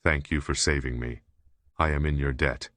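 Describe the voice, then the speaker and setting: A deep-voiced man reading a flustered young trainee reporter girl. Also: steady tone, moderate pace, fairly bright tone, dry recording. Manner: polite, apologetic, nervous.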